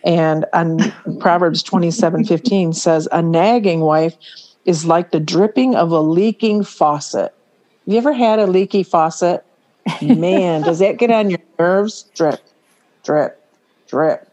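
Mellow-voiced woman telling a story. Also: on the low side. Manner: storytelling, laughs often, slows to stress words. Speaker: podcast co-host. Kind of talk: casual faith podcast chat.

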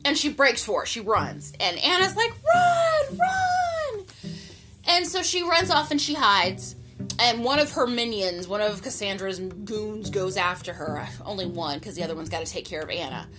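A woman casually recapping a soap opera episode in an animated, gossipy way, using slang and an occasional swear word. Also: moderate pace. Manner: jumps to high, loud pitch for excited retellings. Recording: music playing clearly behind the voice.

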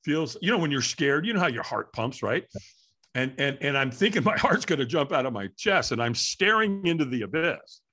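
A middle-aged man, a guest in an interview, telling a story with energy and acting out the voices and shouts of the people in it. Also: a little high, normal speed. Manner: lively, acts out quoted voices and shouts. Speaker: interview guest, firewalk instructor.

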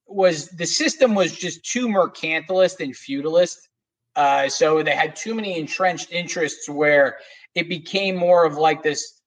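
A man with a slightly raised pitch talks through history in a loose, rambling way. He restarts sentences often and leans on fillers as a podcast guest. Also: a bit bright, low-quality recording. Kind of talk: casual podcast interview.

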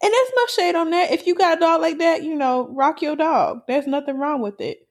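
A woman casually telling a story on a podcast, animated and laughing often, swearing freely. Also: sits high, moderate pace.

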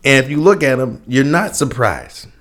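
A man's voice: medium pitch, expressive, moderate pace, a bit bright. A young man hosting a solo podcast, ranting with profanity, frequent restarts and bursts of laughter. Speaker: podcast host.

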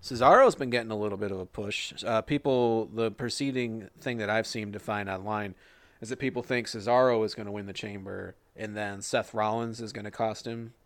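A man's voice: lowish voice, steady tone, brisk, no echo. A man co-hosting a casual wrestling podcast, joking and swearing as he rambles through predictions. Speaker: podcast co-host.

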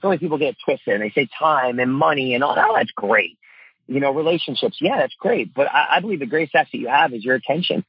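A man's voice: medium pitch, animated, fast talker, breathy edge, no echo, highs cut off. A middle-aged man, a father and coach, talking earnestly in a casual interview, with lots of fillers. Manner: earnest, heartfelt, many fillers like "you know" and "man".

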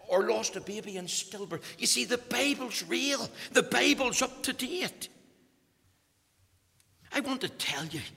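A man preaching with passion, his voice gravelly and lively as it rises and falls. He drops to near-whispers and then swells again. A long reverb hangs behind him, as in a large church. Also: sits high. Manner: impassioned, swinging from hushed to loud, repeating words when emphatic. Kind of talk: sermon.

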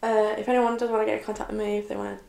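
A young woman talking to camera in a personal confessional vlog, halting and tearful, often breaking off and restarting her sentences. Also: mid-range voice, level tone, gravelly, reverberant. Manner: halting, many restarts and soft trailing phrases. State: tearful, upset. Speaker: vlogger.

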